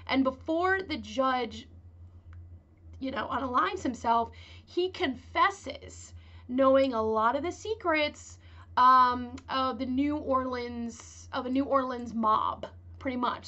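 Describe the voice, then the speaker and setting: A woman's voice: high voice, unhurried, sharp tone, highs cut off. A woman hosting a casual true-crime podcast, rambling and chatty with lots of filler words. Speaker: podcast host.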